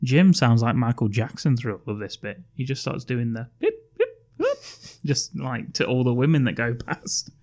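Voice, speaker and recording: Man, mid-pitched co-host, laughing through film recaps. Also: normal speed, few pauses, a little mellow. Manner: amused, laughing while retelling scenes. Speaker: podcast co-host. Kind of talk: casual chat recapping a film.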